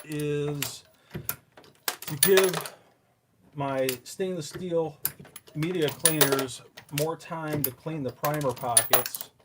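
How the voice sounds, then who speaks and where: Chatty man with a rather high voice, clicking press behind. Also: slow, long pauses, heavy background noise. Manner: chatty, talks to viewers while busy with hands-on work. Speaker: live-stream host. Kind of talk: casual live-stream chat while working.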